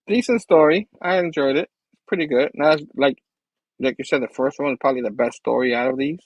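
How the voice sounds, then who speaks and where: A man co-hosting a casual comic book review chat, laid-back and quick to laugh. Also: fairly high pitch, no echo, muffled recording. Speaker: show host.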